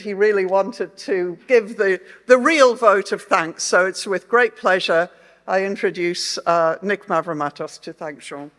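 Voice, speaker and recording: A man's voice: high voice, sharp tone. A man, head of department, making a formal introduction with an upbeat, lightly humorous manner. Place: lecture hall. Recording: long hall reverb.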